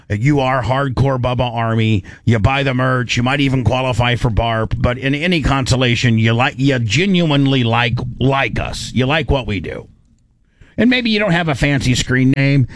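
A man hosting a talk show in a loose, rambling way, with frequent restarts and slow, drawn-out emphasis. His voice sits in a middle pitch. The mic sound is close and dry. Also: dry recording. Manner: rambling, restarts often, slows to stress points. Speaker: radio show host. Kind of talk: casual on-air talk.

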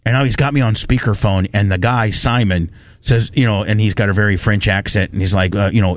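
Heated, animated male radio host. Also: fairly low pitch, fairly quick, no room sound. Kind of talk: casual studio talk. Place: radio studio. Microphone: studio mic.

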